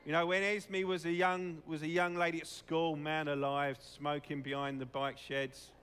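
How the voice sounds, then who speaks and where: Preacher in a reverberant hall. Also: male voice, a little high, little pitch movement, moderate pace, a bit bright, clean tone. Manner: conversational, asks the congregation questions. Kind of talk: sermon.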